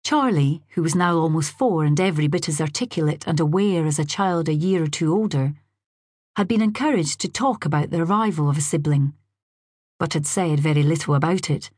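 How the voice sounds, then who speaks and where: A woman with a low, slightly husky voice reads a novel in a measured, drily wry storytelling manner. She sits close to a studio mic in a dry booth with no room sound around her. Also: a little mellow, no room sound. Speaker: audiobook narrator. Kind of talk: scripted narration.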